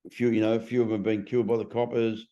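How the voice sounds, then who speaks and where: A man's voice: fairly low pitch, level tone, rapid-fire, warm tone, muffled recording. A middle-aged man in a casual interview. He is a transformation coach who talks bluntly and swears freely.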